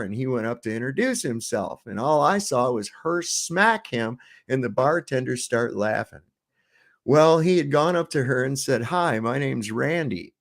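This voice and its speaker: A man casually telling stories with swearing, on a video call. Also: mid-range voice. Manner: swearing, chatty storyteller. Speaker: debater.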